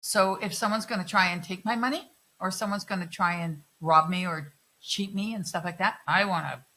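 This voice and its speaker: A middle-aged woman telling personal stories in a candid interview, animated and swearing freely as she acts out other people's lines. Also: lowish voice, normal speed, low-quality recording. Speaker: guest. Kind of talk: candid conversational storytelling.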